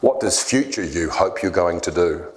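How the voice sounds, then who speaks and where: A man's voice: low-pitched, moderate pace. A man giving a church leadership talk on discipleship, telling stories and acting out the voices in them. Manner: animated storyteller acting out quoted voices.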